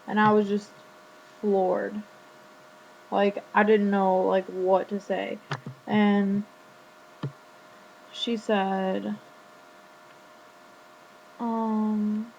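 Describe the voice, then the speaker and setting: A woman's voice: mid-range voice, little pitch movement, extremely slow, vocal fry, long pauses. A teenage girl casually retelling a conversation in a vlog, full of "like" and quoted back-and-forth. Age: teens. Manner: chatty, retelling a conversation with lots of "like". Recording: dull lo-fi webcam audio with faint hum.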